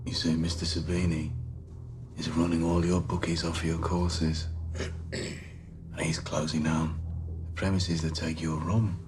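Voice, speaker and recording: Super deep cold gang boss, flat and quiet, no emotion. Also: male voice, unhurried, pauses often, over music. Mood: level. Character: cold, controlled male gang boss negotiating. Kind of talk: television crime drama.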